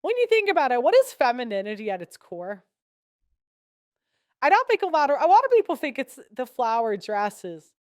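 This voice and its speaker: Young woman ranting on her podcast, sarcastic and blunt, smooth higher voice, dry sound. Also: sing-song, normal speed, no echo. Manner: blunt, sarcastic, laughs between points. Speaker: podcast host. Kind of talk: casual opinionated commentary.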